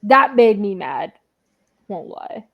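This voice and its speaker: A woman's voice: medium pitch, big pitch swings, slow, narrow, tinny audio. A young adult woman co-hosting a book club podcast, talking casually, laughing often and swearing freely. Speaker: podcast co-host.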